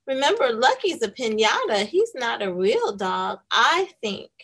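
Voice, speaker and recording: A woman host reading a picture book aloud to young children, animated and teacherly. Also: medium pitch. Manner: animated, warm teacherly storytelling.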